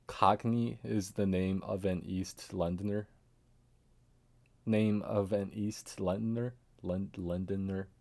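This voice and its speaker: A man with a deep, low voice chats through a live game stream. He talks at a slow, unhurried pace, drifting off mid-sentence and muttering half-thoughts to himself. Frequent little chuckles break up his rambling commentary. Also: steady tone, gravelly, mellow. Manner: chuckles often.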